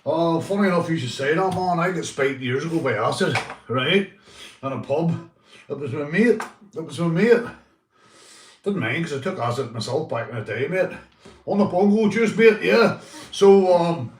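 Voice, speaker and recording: Northern Irish male streamer, chatty and profane, mid pitch, roomy sound from a distance. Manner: rambling, swearing, calls viewers mate. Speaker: livestreamer. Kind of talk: casual live stream chat.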